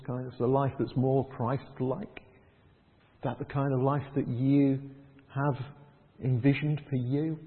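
A man preaching a conversational sermon, asking the congregation rhetorical questions. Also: fairly high pitch. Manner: conversational, rhetorical questions, acts out quoted voices. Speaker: pastor. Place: church hall. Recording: tinny phone-like sound in a long-echo hall.

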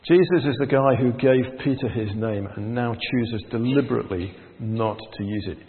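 Male preacher, emphatic with dramatic pauses; long hall echo, tinny phone-like sound. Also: medium pitch, a little hiss or hum. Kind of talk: sermon. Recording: echoey hall over a tinny line.

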